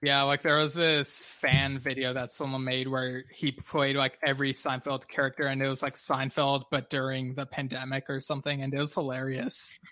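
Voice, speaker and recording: A man co-hosting a podcast in casual chat, easygoing and quick to laugh. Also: mid-range voice, little pitch movement, pushed and bright, dry recording. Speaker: podcast co-host.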